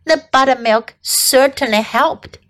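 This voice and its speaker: A woman voicing a brisk, practical middle-aged farm wife. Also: high voice, fairly bright tone, low-quality recording.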